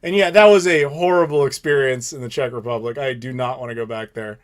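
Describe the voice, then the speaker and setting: An American man in his thirties hosting a live Q&A stream, telling stories in a blunt, animated, profane way. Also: mid-range voice, fairly quick. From United States. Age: 30s. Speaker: channel host.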